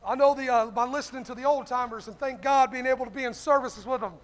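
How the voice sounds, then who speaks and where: A man's voice: very high-pitched, steady tone, quick pace, a bit bright. A man preaching a fiery sermon, starting line after line with "hey" in a preaching cadence.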